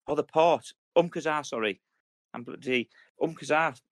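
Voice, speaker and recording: This British podcast co-host, a man in his thirties, talks fast and rambles through casual stories thick with curse words and military slang. His voice sits a little high with a fairly bright tone, and there's no echo.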